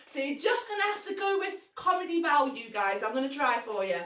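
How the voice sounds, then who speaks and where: A woman's voice: high-pitched, lively intonation, brisk, few pauses, pushed and bright. A woman co-hosting a casual live stream, enthusiastic and sweary, laughing often. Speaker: co-host. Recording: roomy, distant, slightly noisy stream.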